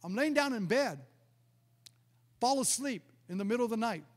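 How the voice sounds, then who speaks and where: A man's voice: very high voice, animated, moderate pace, big-room sound. A male pastor preaching a sermon, telling a personal testimony in a storytelling way, often stumbling and repeating words. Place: church sanctuary.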